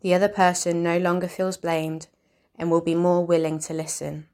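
A woman reads a scripted lesson in a calm, measured way. Her voice sits low and stays flat, with little rise or fall. She explains each point plainly and steadily. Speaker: instructor. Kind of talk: scripted instructional narration.

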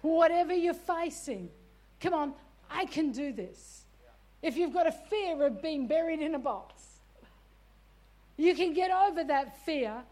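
A woman preacher delivering an exhorting sermon, repeating "come on" and "stop it" and rising to shouts. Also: sits high, lively intonation, measured pace. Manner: shouts at peaks.

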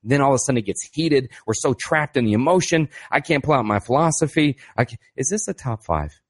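A man's voice: mid-range voice, quick pace, husky. A man hosting a podcast, talking through self-help advice in a blunt, casual way, swearing freely and asking rhetorical questions. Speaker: podcast host and author.

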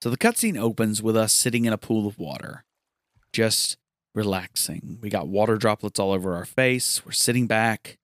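In clean studio sound with no room echo, a man with a fairly low voice gives casual let's-play commentary at a moderate pace. He's chatty and enthusiastic, retelling what the game's characters say.

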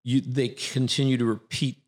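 A man who coaches actors, explaining his ideas in a lively, repetitive way during a conversational interview. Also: mid-range voice, moderate pace. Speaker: acting coach.

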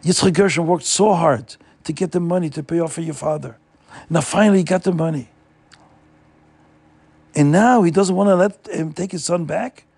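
Man playing a fired-up townsman arguing back, husky and a bit higher. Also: moderate pace, darkish tone. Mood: indignant. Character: helpful Jewish townsman protesting an injustice.

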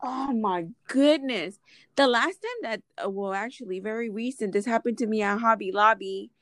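Woman podcast co-host, fairly high voice, blunt, swears freely, dry close sound. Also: moderate pace, dry recording. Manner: blunt, profane and animated, rising loud when riled. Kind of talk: casual chat.

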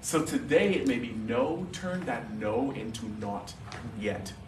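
A man preaching a sermon as a guest pastor, animated and joking, with sarcastic asides and quick questions to the congregation. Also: medium pitch. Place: church sanctuary. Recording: roomy church hall, mic at a distance, faint background noise.

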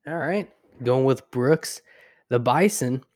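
A man with a mid-range voice speaking slowly and deliberately as he sets up picks. The sound is dry and close, with no room echo. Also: mid-range voice, lively intonation, a little mellow. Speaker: podcast cohost. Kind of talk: casual chat.

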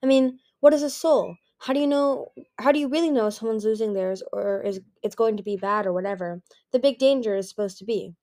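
A woman's voice: mid-range voice, fairly quick, hardly any pauses, dark tone, no room sound, clean studio sound, natural voice. A woman voicing a huge ancient male dragon, talking in a breezy, persuasive way that turns cross.

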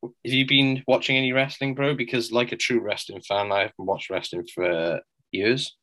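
Brief: man in his forties, bright, forceful voice, dry podcast co-host. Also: medium pitch, steady tone, moderate pace, poor audio. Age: 40s. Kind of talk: casual chat.

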